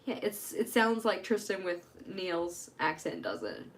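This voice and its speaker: A woman's voice: fairly low pitch, big pitch swings, unhurried. A young woman chatting casually on a live stream from home while she works on her journal, rambling and laughing at herself.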